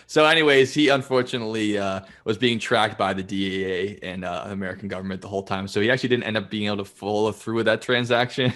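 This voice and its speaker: A man's voice: fairly low pitch, steady tone, fast talker, hardly any pauses, fairly bright tone. A man co-hosting a podcast, chatting casually in a loose, profane, joking way and laughing often. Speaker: podcast co-host.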